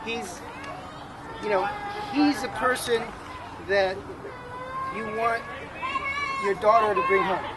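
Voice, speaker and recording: A middle-aged man speaks at a memorial for a lifelong friend, stumbling through restarts and fillers. His voice sits fairly high for a man. He is recorded outdoors with loud urban noise all around. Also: over a noisy crowd. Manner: halting, many restarts and fillers. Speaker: friend giving a eulogy. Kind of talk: memorial tribute speech.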